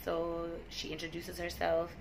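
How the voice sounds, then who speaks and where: A woman's voice: fairly low pitch, completely flat delivery, a little slow, creaky, a little hiss or hum. A young woman vlogger telling a personal story in a casual, emotional way, with many restarts and sudden bursts of feeling. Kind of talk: storytime vlog.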